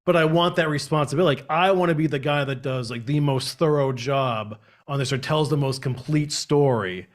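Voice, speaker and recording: A man's voice: a little high, a little fast, few pauses. A man hosting a live stream, chatting casually and rambling with lots of fillers. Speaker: host of a live channel.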